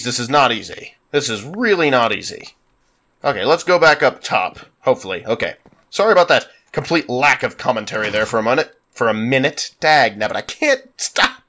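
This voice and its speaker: A man's voice: medium pitch, sharp tone. A man with a congested, sinus-stuffed voice giving rambling, self-mocking let's play commentary at a desktop microphone. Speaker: gaming YouTuber.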